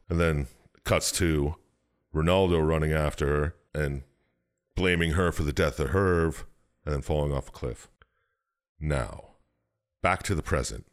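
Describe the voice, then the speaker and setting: Low-voiced man, casual profane storyteller recapping a plot. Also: measured pace, long pauses. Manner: rambling, profane, jumps into silly quoted voices. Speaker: podcast co-host recapping a game story. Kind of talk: casual chat.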